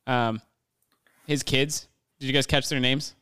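A man's voice: mid-range voice, measured pace, smooth, no room sound, studio quality. A man co-hosting a movie podcast, rambling and laughing in a casual chat. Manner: giggly, rambling, animated. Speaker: podcast co-host.

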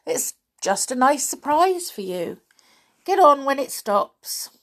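A loud, bossy little male pixie from a storybook, raising his voice high to lay down the rules, as a woman reads him aloud. His voice sits above the reader's own and carries more force. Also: sing-song, slow, full character voice. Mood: cheerful. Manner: scolding, loud and sharp.

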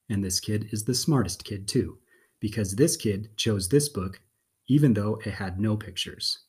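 A man's voice: fairly low pitch, a little mellow, husky. A man, a father and guest on a podcast, reading a picture book aloud in a playful, theatrical way.

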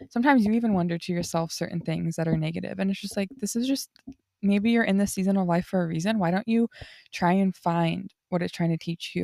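A woman's voice: mid-range voice, a little mellow, dry recording. Chatty young woman, dry close sound. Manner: heartfelt, rambling, lots of "like". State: tearful. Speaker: podcast host. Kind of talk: casual unscripted monologue.

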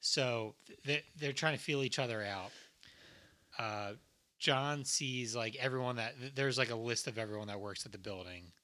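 Joking young man, very bright voice. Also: medium pitch, moderate pace. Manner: joking, profane, animated storytelling. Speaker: podcast co-host. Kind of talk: casual movie chat.

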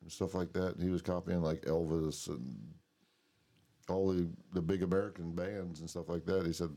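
A man with a very low, dark, mellow voice holds forth in loose late-night podcast chat. He rambles from story to story and swears freely. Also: steady tone, moderate pace. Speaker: podcast co-host.

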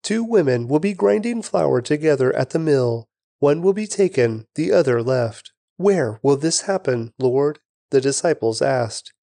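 A man hosting a daily podcast, reading scripture aloud in a measured, deliberate way and slowing down for emphasis. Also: a little high, expressive, vocal fry, mellow, no echo. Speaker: scripture reader, podcast host.

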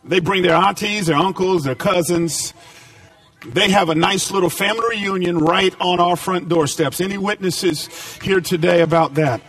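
A man preaching a sermon as pastor, climbing to emphatic points and dropping to a quiet storytelling tone. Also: sits high, moderate pace, no echo, recorded from a distance.

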